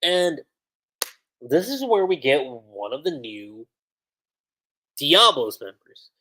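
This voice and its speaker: A man chats through an anime episode on a livestream. His pitch swings widely as he talks. He keeps quoting the characters mid-recap. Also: takes it slowly. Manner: animated, retells scenes quoting characters. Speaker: anime reviewer.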